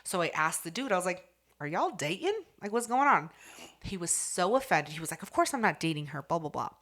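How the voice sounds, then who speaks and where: A young woman on a podcast telling a story in casual, profane chat, acting out quotes with big jumps in loudness. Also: on the low side, a little fast. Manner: animated, profane, acts out quotes loudly. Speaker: podcast host.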